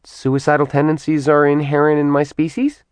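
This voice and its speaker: A man's voice: fairly high pitch, monotone, normal speed, smooth, no echo, pitched above the performer's own voice, natural voice. A man doing a snarky young sidekick. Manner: snarky, flippant.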